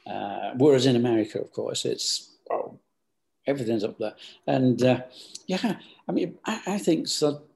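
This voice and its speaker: An older man telling stories from his business life in an interview. His voice is gravelly and worn at the edges. He rambles, stops and restarts his sentences as he feels his way back through the past. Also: mid-range voice, animated, normal speed, a little mellow. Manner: rambling, hesitant, many restarts. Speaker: business founder. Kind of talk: storytelling interview answers.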